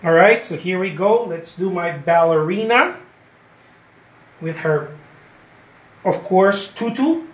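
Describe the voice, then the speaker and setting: High-voiced man teaching painting live. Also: animated, slow, long pauses. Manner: chatty, encouraging, repeats phrases, says "okay?" often. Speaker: painter giving a live demo. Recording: roomy echo.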